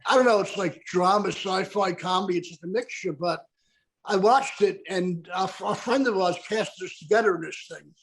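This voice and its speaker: A chatty man hosts a casual podcast interview, with a fairly high voice. He rambles from story to story and keeps asking whether his listener follows. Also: moderate pace, a little hiss or hum, rough recording. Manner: chatty and rambling, fills with tag questions. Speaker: podcast host.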